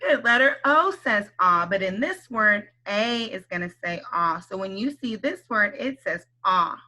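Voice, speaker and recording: A woman teaching a kindergarten phonics lesson, speaking slowly and clearly, encouraging the children and stretching out letter sounds. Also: medium pitch, animated, sharp tone.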